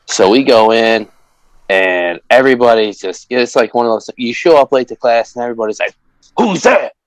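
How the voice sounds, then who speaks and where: A man's voice: medium pitch, a little fast, smooth, dry recording, low-quality recording. A man telling a rambling story in a casual podcast chat, cursing freely and acting out the people he quotes. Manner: rambling, swears often, acts out quotes. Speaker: guest.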